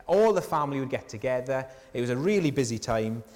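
A man preaching a sermon in a church, earnest and conversational, often asking the listeners rhetorical questions and dropping softly on key lines. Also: mid-range voice, animated, quick pace. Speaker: pastor. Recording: long hall reverb from a church.

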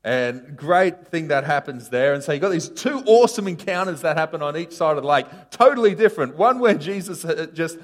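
A man preaching a casual sermon, telling a story with sharp rises and drops in his voice. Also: on the high side, brisk, few pauses. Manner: animated storytelling, voice rising and falling sharply.

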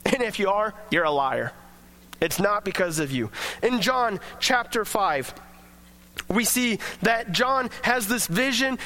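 Guy preaching in church, really high bright voice, super emphatic. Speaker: pastor. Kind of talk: sermon.

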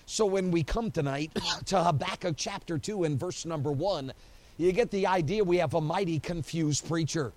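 At an evening church service, the pastor delivers his sermon in a fairly high, slightly mellow voice at normal speed. He animates the story, performs the quotes, and fills in with many "you know"s.

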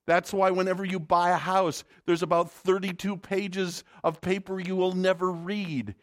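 A man's voice: sits high, level tone, normal speed. Man preaching a conversational sermon. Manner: conversational preaching with rhetorical questions to the congregation. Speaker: pastor.

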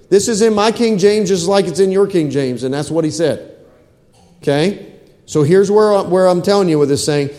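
A man's voice: high voice, warm tone, in a large hall. A man preaching a sermon, asking his congregation questions and repeating phrases for emphasis. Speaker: pastor. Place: church.

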